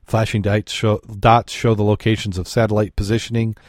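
A man's voice: lowish voice, flat delivery, brisk, darkish tone, no room sound, studio quality, close to an everyday voice. A man voicing a proud male inventor who is a scuba diver, eager and boastful.

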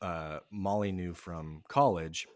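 A male podcast co-host with a fairly low voice and a dry, close sound. He speaks in a chatty, easygoing way and laughs often while telling stories. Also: fairly even intonation, slow pace, dry recording. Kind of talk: casual chat.

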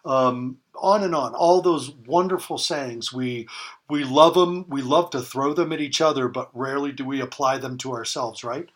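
On a podcast, a male guest in his fifties gives parenting advice in a conversational interview. His voice is medium-pitched and moderately paced, and he speaks emphatically, repeating key phrases for stress.

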